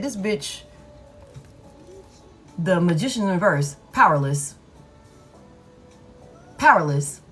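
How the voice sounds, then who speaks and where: A woman's voice: mid-range voice, lively intonation, slow, pauses often, soft background music. A woman giving a casual tarot reading who talks bluntly and emphatically, swears freely and repeats her points. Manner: emphatic, blunt, repeats phrases, lots of profanity. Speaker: tarot reader.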